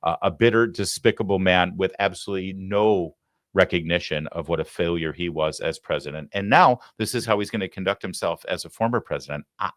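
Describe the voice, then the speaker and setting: A commentator with a lowish voice rants about politics, his delivery swinging from loud outbursts to sarcastic muttering. The sound is dry and close to the mic. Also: fairly quick, no room sound. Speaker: host.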